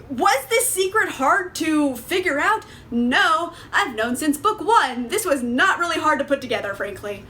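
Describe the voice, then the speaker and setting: A young woman casually reviewing a book on her vlog, ranting in an exasperated, animated way with swearing and laughter. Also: sits high, a little hiss or hum.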